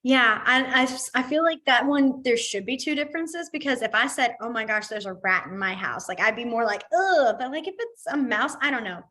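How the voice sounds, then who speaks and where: Bright, chatty young woman teacher. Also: fairly high pitch, animated, fairly quick, hardly any pauses. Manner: chatty, rambling with many fillers, laughs easily. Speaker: sign language teacher. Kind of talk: online class instruction.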